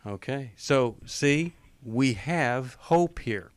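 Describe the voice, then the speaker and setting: A middle-aged man hosts a call-in advice show in a dry studio, with a voice of ordinary pitch. He talks directly and coaches the caller, now and then quoting others in short acted lines. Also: lively intonation, a little slow, no room sound. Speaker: radio show host. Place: radio studio.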